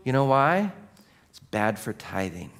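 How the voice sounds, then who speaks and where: Animated pastor preaching. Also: male voice, mid-range voice. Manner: animated, asks the congregation many questions; drops to a quiet, slow voice for solemn points. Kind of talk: sermon.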